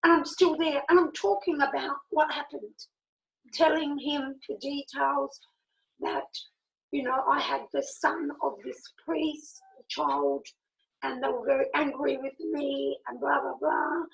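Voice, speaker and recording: A middle-aged woman telling a personal story in a lively, animated way, acting out the dialogue as she goes. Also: high-pitched, unhurried, creaky, rough recording. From Italy. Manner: animated, acts out quoted dialogue, laughs often. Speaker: speaker.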